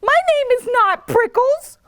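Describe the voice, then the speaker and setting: A woman voicing a grumpy male cactus who yells at visitors to keep out. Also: extremely high pitch, big pitch swings, drawn-out words, exaggerated voice. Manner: yelling, huffy.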